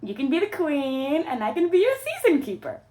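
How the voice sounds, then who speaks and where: A woman voicing a scheming, power-hungry young female rival who snarls threats and then pleads smoothly. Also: high-pitched, wildly swooping pitch, normal speed, mellow, slight background noise, voice pushed up.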